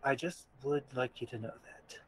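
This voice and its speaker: A man voicing a gentle, earnest old male spider in a tabletop game, with a soft-spoken manner. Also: medium pitch, normal speed, slight background noise, natural voice, low-quality recording.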